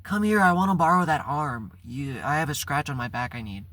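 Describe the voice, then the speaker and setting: A woman's voice: low-pitched, lively intonation, brisk, a bit bright, no echo. A man quoting his bossy female store manager in a demanding, offhand way.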